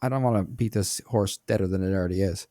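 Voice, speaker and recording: A man co-hosting a podcast in casual chat, animated and teasing as he asks questions. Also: low-pitched, fast, dry recording, studio quality. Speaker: podcast co-host asking questions.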